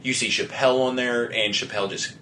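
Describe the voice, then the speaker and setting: A man's voice: medium pitch, fairly even intonation, quick pace, pushed and bright, a little hiss or hum. A man co-hosting a casual podcast chat, swearing often and laughing a lot. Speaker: podcast co-host.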